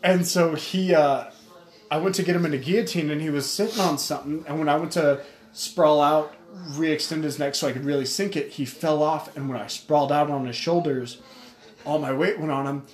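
A man with a fairly high voice tells a crude, joking story in casual podcast chat. His voice bounces around an echoey room. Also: steady tone, moderate pace. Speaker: podcast co-host.

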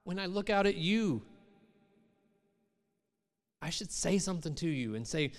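A man's voice: high-pitched, lively intonation, a little slow, pauses often. A middle-aged man preaching a sermon as pastor, in a conversational manner that rises into emphatic quoted voices. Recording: long hall reverb.

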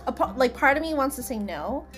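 A woman's voice: high-pitched, animated, brisk, fairly bright tone, soft background music. Playful nervous young woman guest. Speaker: podcast guest. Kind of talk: casual chat.

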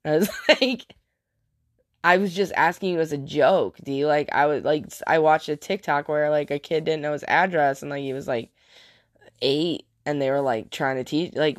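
Young woman, low-pitched, chatty casual vlog storyteller, dry close sound. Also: normal speed, no room sound. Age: young adult. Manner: chatty, laughs often, says "like" a lot. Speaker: vlogger and stepmom.

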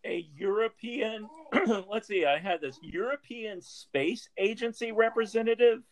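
A man's voice: high-pitched, measured pace, low-quality recording. A man in casual podcast chat, dropping brief dry remarks. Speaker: podcast co-host.

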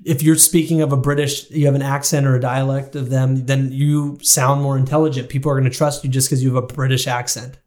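A man's voice: mid-range voice, level tone, fairly quick, few pauses, darkish tone. A man with a Midwestern accent, chatting casually as a podcast co-host and laughing often. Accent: American Midwest. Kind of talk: casual chat.

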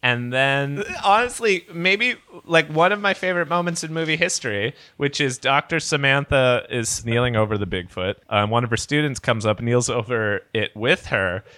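A man co-hosting a comedy podcast, recapping a movie in a laughing, animated way. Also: mid-range voice, normal speed, few pauses, no room sound. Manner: animated, laughing, swearing, acts out film lines. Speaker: podcast co-host.

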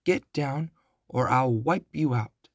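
A high, shrill little girl barks commands in a storybook reading, as a man puts her on. She sounds fearless and excitable. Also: slow, husky, no room sound, clean studio sound. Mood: fierce. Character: bold excited young girl.

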